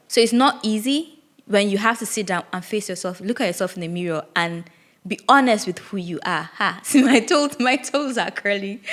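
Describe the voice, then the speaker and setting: A woman's voice: mid-range voice, a bit bright. A young woman, hosting a solo podcast and reflecting candidly aloud, with frequent restarts. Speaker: podcast host.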